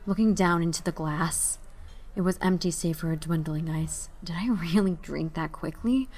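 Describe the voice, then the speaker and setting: A young woman narrating a short story in an emotive dramatic reading, moving between hushed and raised passages. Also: on the low side, moderate pace.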